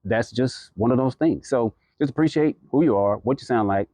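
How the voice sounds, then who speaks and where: In a casual motivational talk aimed at the camera, a podcast creator with a warm, mid-range voice speaks at a moderate pace. His advice is earnest and encouraging, peppered with fillers and false starts, and there's no echo.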